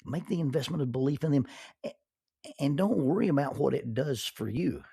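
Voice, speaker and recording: A man giving a reflective, faith-based talk as a podcast host, earnest and halting, often repeating words as he starts a phrase and slowing down to stress key words. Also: fairly high pitch, lively intonation, vocal fry, mellow, husky.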